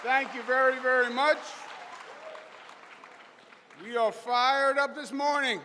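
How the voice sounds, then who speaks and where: A man's voice: very high-pitched, fairly even intonation, slow pace, sharp tone, slight background noise. A middle-aged man with a Queens New York accent giving a rousing, folksy political speech to a crowd in a large hall. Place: large college hall with live audience. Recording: echoey hall, long reverb.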